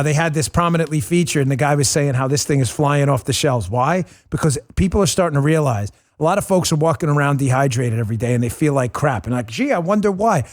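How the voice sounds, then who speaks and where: A man hosting a political talk show, talking in a fast, combative, sarcastic way. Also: a little high. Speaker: host.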